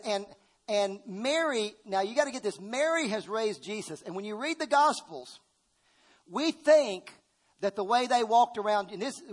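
A middle-aged male preacher delivering a sermon, emphatic, swinging between loud bursts and hushed asides and calling on the congregation to respond. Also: high voice.

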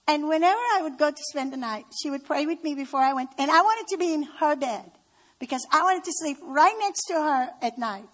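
A woman with a high-pitched voice tells stories of her family in a personal testimony talk. She speaks heartfelt and unhurried, leaning on key words. She is middle-aged. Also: a bit bright. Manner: heartfelt, storytelling with slow emphasis. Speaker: speaker at a women's gathering.

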